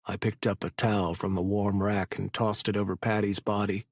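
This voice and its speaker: A man narrating a romance audiobook in the first person, in an even, casual way. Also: lowish voice, moderate pace, few pauses, dry recording, studio quality.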